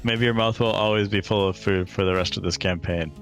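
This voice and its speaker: A man playing a tabletop game, playful and deliberate in his speech. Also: on the low side, fairly even intonation, soft background music. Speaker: player.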